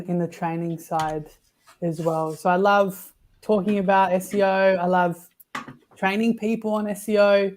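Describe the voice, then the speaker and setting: A man introducing himself on a webinar, relaxed and hesitant with frequent ums and restarts. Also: high voice. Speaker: guest, agency SEO manager. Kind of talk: casual self-introduction.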